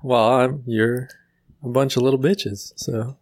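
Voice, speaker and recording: A man co-hosting a comedy podcast who trades crude, teasing banter with his friends. He talks slowly and unhurriedly. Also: mid-range voice, fairly even intonation. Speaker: podcast co-host.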